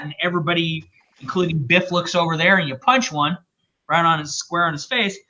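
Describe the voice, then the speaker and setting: A man talking on a casual livestream, his voice bright and pitched slightly high. He rambles through his opinions in an animated, forceful way. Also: normal speed, dull audio. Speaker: co-host.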